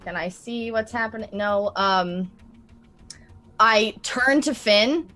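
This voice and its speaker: A woman playing a tabletop game, excitable and rambling, swearing and using lots of fillers. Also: medium pitch, slow, faint music behind. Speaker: player. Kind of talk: casual tabletop play.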